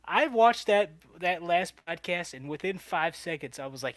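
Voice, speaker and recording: A young man co-hosting a podcast, chatting casually, animated and laughing often as he acts out quotes. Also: sits high, normal speed, dry recording. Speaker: podcast co-host. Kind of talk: casual chat.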